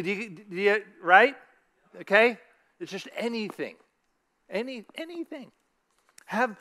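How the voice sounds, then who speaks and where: A middle-aged man gives a relaxed, conversational sermon, often asking his listeners questions and quoting scripture from memory. His voice is bright and forceful, pitched a bit above the usual for a man. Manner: chatty, asks the audience questions, recites scripture. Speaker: church speaker. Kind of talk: casual sermon talk.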